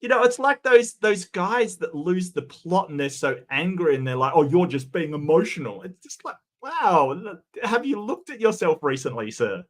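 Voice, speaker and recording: A man's voice: high voice, big pitch swings, normal speed, few pauses, fairly bright tone. A man giving sarcastic, mocking reaction commentary, often stumbling and restarting his sentences.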